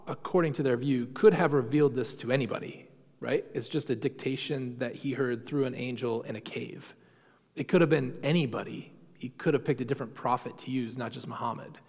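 A man's voice: medium pitch, big-room sound. A man teaching a Sunday school class in a conversational lecture, often asking the class questions and using many fillers. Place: church classroom.

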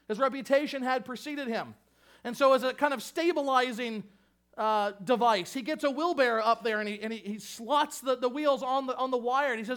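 High-voiced impassioned male preacher. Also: a little fast, fairly bright tone, smooth. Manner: impassioned, emphatic preaching with repeated phrases. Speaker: pastor. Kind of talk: sermon.

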